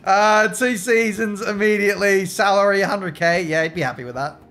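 Joking male streamer, fairly high voice. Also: normal speed, a bit bright. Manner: joking, swears, talks to chat. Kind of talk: casual gameplay commentary.

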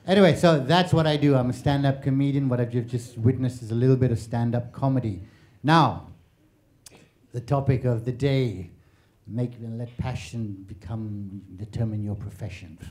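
A man's voice: mid-range voice, moderate pace, a little mellow. A man, doing chatty, self-mocking stand-up comedy. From Malaysia. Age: 40s.

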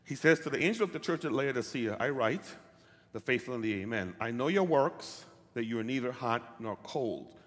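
A man preaching a sermon as pastor, often checking in with the congregation and rising from quiet talk to shouted calls. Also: medium pitch, animated, normal speed. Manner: asks the congregation questions. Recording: hall reverb.

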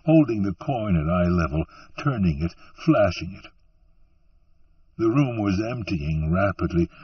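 Measured male audiobook narrator, slow and dramatic; dry sound, dull and recorded from afar. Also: low-pitched, slightly rough, no room sound, recorded from a distance.

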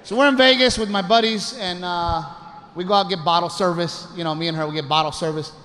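A man performing a stand-up comedy set, telling a story loudly and shouting out impressions. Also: high-pitched, quick pace. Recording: live show with crowd noise. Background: audience laughter.

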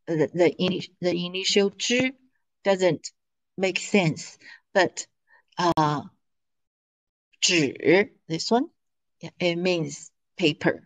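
A woman teaches at a very slow, drawn-out pace. She says each word again and again for her students. Her pitch sits in a middle range. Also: rough recording. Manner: drawn-out, repeating words for students. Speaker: language teacher. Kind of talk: slow, patient classroom teaching.

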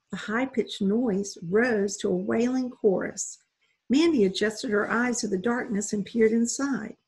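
A woman reading a children's novel aloud in an unhurried, expressive storytelling manner. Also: medium pitch, slightly rough, rough recording. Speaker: reader.

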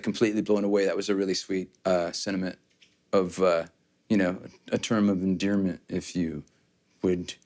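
A man talking through a guitar demo in a loose, joking way. He rambles, backtracks and restarts his sentences, dropping fillers and wisecracks as he goes. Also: lowish voice. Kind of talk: casual gear demo chat.

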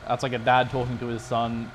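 Australian male streamer, casual profane game commentary, mid-pitched voice, faint noise behind. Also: monotone, fairly quick. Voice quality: profane, laid-back banter. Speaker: gaming streamer.

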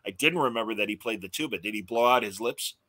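A man's voice: on the low side, fast talker, sharp tone, no room sound. A man hosting an interview podcast in a genial, casual way, with plenty of uh fillers.

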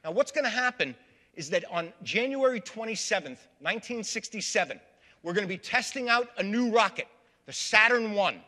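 A man's voice: sits high, animated, moderate pace, pushed and bright. A man giving a public history lecture to a live audience, storytelling and calling them folks. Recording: long reverb of a large hall.

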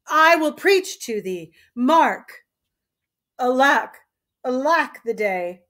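Lady doing a mad old king, way up high, shrill, sobbing and laughing, slow lines. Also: expressive, full character voice. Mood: grieving, preaching. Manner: shrill, cries and laughs, shouts in bursts. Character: mad old king, raving, weeping and wild.

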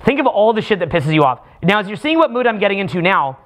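A man leading a live workshop for a small group, talking in a profane, animated way with mock rants. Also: high voice, quick pace. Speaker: seminar speaker.

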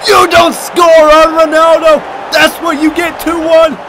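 A man giving excited, trash-talking commentary over his own football video game match, often shouting. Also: very high-pitched, measured pace, crowd noise, background noise. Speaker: gaming commentator.

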